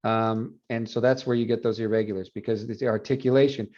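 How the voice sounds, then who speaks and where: A male Spanish professor giving an animated university lecture, repeating example words aloud to demonstrate. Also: lowish voice, quick pace. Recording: dull lo-fi classroom recording.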